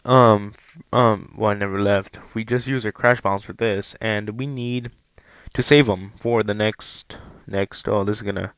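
A man's voice: fairly low pitch, clean tone, no room sound. A young man giving casual let's play commentary over a headset, rambling and self-deprecating, with frequent ums.

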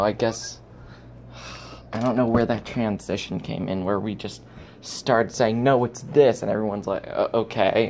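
Holding his phone, a young man records a casual, rambling vlog at home, jumping between topics and muttering to himself. His voice is lowish and darkish, with a little hiss or hum on the recording.

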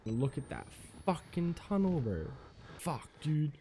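A man's voice: on the high side, very animated, takes it slowly, dark tone, a little hiss or hum. A man playing a horror game, swearing constantly and breaking into panicked yelps and nervous laughter. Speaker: gamer.

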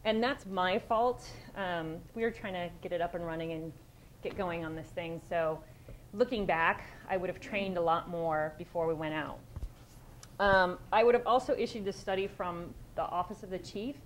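A woman's voice: fairly low pitch, normal speed, a little hiss or hum, poor audio. A woman police sergeant giving a conversational conference presentation, direct and plain-spoken, with frequent restarts.

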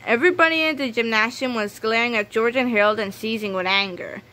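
A woman's voice: on the high side, brisk, pushed and bright. A woman reading a children's book aloud, telling the story with small slips and restarts. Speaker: reader.

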